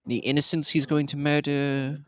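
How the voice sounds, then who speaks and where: Skeptical man, slightly high voice. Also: monotone, moderate pace, slight background noise. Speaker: player.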